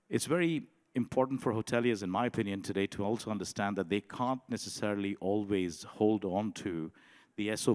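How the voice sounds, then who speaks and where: A man giving a conference presentation in a measured way, often pausing with um and you know. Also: on the low side, a little mellow, in a large hall. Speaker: conference speaker. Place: conference hall.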